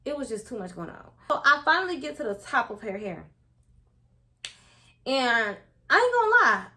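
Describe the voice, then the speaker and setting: Young woman, high voice, chatty, slangy, casual storytime vlog. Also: very animated, normal speed, sharp tone. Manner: chatty, slangy, addresses viewers directly. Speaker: hairstylist telling a storytime.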